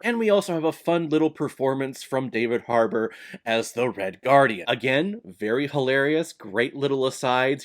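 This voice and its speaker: A man giving a casual, enthusiastic movie review, his voice jumping up in pitch now and then. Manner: enthusiastic, animated with sudden jumps in pitch.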